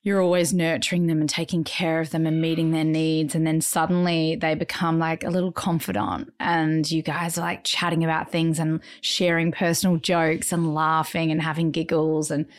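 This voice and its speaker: A woman's voice: low-pitched, flat delivery, normal speed, hardly any pauses. A woman on a podcast sharing thoughts about her son in a reflective, conversational way. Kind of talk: casual podcast chat.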